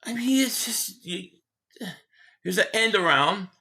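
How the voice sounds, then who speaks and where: A man hosting a live game reaction stream, ranting in frustration, stammering and shouting at plays. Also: sits high, animated, a little slow, creaky.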